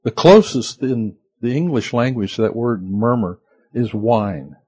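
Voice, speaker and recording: A male pastor delivers a sermon in an unhurried, conversational way. His voice has a slight husky grain, and he often turns to the listeners with rhetorical questions. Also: mid-range voice, animated, darkish tone.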